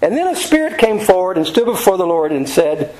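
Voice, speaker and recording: A man's voice: sits high, brisk, poor audio. Folksy man teaching a Bible study. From United States. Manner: folksy, rambling, animated storytelling with fillers.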